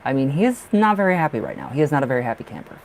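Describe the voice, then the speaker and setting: A man in the middle of a casual live tarot stream, chatting straight to his viewers and breaking into laughter often. His voice sits at an ordinary pitch. Faint noise hums under the recording. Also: wildly swooping pitch, very fast, creaky, poor audio.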